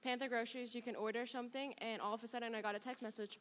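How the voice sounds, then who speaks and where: A woman's voice: a little high, fairly even intonation, very fast, a bit bright. A young woman student from abroad, sharing a candid, emotional personal story on a panel. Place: performing arts hall. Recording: long reverb in a large hall.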